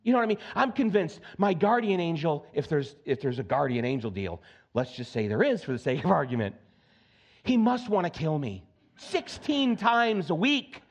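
A man's voice: fairly high pitch, big pitch swings, moderate pace, muffled recording. A male pastor preaching a sermon in a conversational, joking way, with frequent asides and repeated phrases for emphasis.

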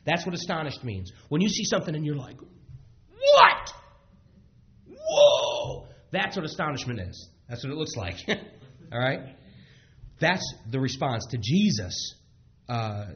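A man preaching a sermon in a halting way, with frequent restarts and fillers, on a dull lo-fi recording. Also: medium pitch, slightly rough. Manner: halting, many restarts, acts out quotes.

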